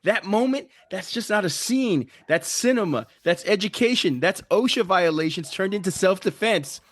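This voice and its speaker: A man's voice: high voice, animated, moderate pace, no room sound. A man co-hosting a comedic movie debate podcast, making his case with jokes, hype and profanity. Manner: hyped, joking, profane. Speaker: podcast co-host.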